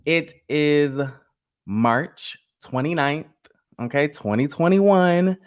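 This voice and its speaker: A man's voice: fairly high pitch, animated, slow, smooth. A man hosting a live gossip stream, chatty and sassy, talking straight to his chat. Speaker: host of a live gossip show. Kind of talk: casual live-stream commentary.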